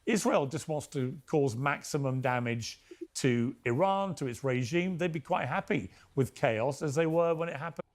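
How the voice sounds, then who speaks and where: A man giving a measured political analysis on a talk show, hypothesizing carefully about outcomes. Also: on the high side, lively intonation. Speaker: political commentator.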